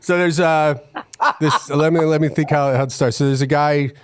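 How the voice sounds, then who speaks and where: A man's voice: a little high, steady tone, normal speed, smooth, dry recording, studio quality. A man hosting a podcast, retelling a joke in casual chat and feeling his way through it with fillers and restarts. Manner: hesitant, many fillers and restarts while he finds the story. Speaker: podcast host.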